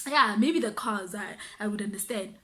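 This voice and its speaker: A young woman with a South African accent telling a story on her vlog, animated and quick to act out the other people's voices. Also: mid-range voice. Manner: animated, switches between voices, mixes in local words. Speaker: vlogger. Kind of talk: casual storytime.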